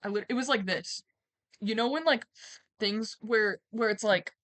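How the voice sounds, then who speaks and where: A young woman streamer telling a personal story in a rambling, animated way, swearing and acting out quotes loudly. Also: a little high, moderate pace. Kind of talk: casual storytime.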